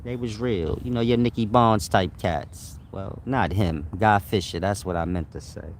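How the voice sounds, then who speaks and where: A low-voiced man talks casually on his own show, joking in loose slang and breaking into laughs. Steady noise and the sound of passing cars sit behind him. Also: normal speed. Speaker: host. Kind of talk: casual livestream talk.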